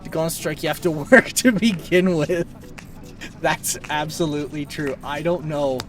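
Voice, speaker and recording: Sitting away from the mic while loud music plays, a streamer talks at a moderate pace in a slightly high voice. He tells a rambling, fed-up story casually, with the odd swear word.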